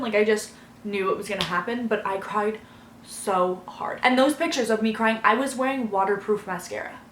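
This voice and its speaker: A woman's voice: medium pitch, a bit bright, echoey room, slight background noise. A woman vlogger giving a casual, effusive review, gushing and filling her talk with fillers.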